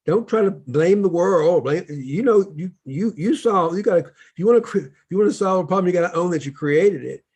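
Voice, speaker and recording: A man's voice: high-pitched, expressive, brisk, hardly any pauses, darkish tone, husky. A man speaking as a spiritual teacher, telling his story in an earnest, preachy way during a casual workshop conversation.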